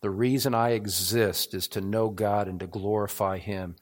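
A man's voice: on the low side, fairly even intonation, moderate pace. An older man preaching a sermon as a pastor in an evening church service, earnest and building to emphatic repetition.

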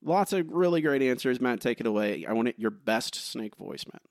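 Lively-voiced man co-hosting a podcast. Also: medium pitch, normal speed, gravelly, dry recording, studio quality. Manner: lively, wry delivery of reviews. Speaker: podcast co-host. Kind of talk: casual podcast chat, reading listener reviews.

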